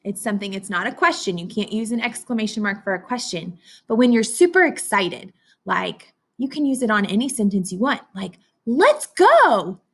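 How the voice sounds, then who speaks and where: A woman teacher leads a read-aloud phonics lesson for young children, sing-song and encouraging, speaking to them as if they could answer back. Her voice is mid-range and a little fast.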